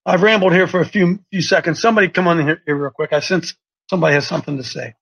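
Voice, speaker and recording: A man hosting a live call-in show, talking in an excitable, preachy, rambling way. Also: on the high side, rapid-fire, vocal fry, breathy edge, poor audio.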